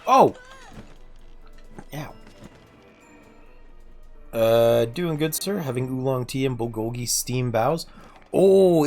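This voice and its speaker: A man casually chatting with his chat during a gameplay livestream, joking and muttering to himself while he plays. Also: darkish tone. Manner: drops to low muttering when focused on the game. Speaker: streamer.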